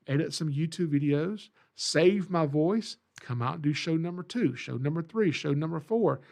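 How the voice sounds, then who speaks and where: A man's voice: on the high side, gravelly, a little mellow. A man from Georgia with a Southern accent, hosting a podcast and telling stories in a folksy, self-deprecating way. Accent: Southern American (Georgia). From Georgia, USA. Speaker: podcast host and snake educator. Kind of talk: casual storytelling monologue.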